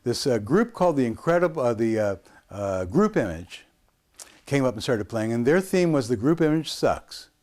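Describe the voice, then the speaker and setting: Rambling, animated older man. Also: medium pitch, moderate pace. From United States. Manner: rambling, with frequent hesitations and restarts. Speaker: interview guest. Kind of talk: storytelling interview.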